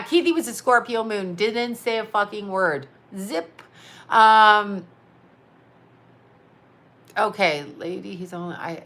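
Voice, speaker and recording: A woman's voice: medium pitch, pushed and bright. A middle-aged American woman, a psychic medium, rambling through a casual livestream story with laughs and swearing. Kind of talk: casual livestream chat reading comments.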